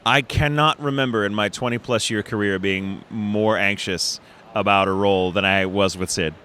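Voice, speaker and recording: A middle-aged man from Texas, a voice actor talking in a convention interview, animated and quick to restart his sentences and laugh. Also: lowish voice, clear, resonant tone. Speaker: voice actor guest.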